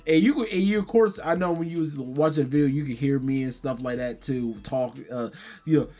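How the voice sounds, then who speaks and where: A man, hoarse from yelling, chatting casually to his vlog viewers and saying "y'all" again and again. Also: fairly high pitch, fairly quick. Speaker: gaming and convention vlogger.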